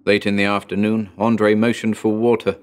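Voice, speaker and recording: A man with a fairly low voice reads a horror story aloud as a podcast host. His delivery is measured and deliberate, the scripted narration paced with care. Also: little pitch movement.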